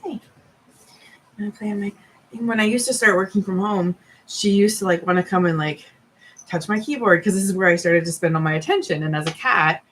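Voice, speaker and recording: A woman's voice: fairly low pitch, a little fast, fairly bright tone, slight background noise, low-quality recording. A woman live streamer, stoned, chatting casually to her viewers while eating and talking with her mouth full.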